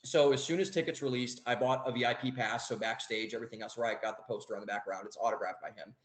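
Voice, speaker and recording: A man's voice: medium pitch, steady tone, quick pace, reverberant, low-quality recording. A young man telling a story as a podcast guest, rambling, with many fillers and restarts. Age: young adult. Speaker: guest author. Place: home office.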